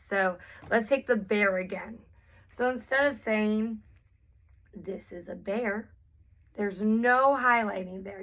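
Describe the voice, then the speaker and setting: A woman teaching therapy strategies in a clear, patient way, often starting sentences with an um. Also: medium pitch, fairly bright tone. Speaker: therapy instructor. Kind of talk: instructional explanation.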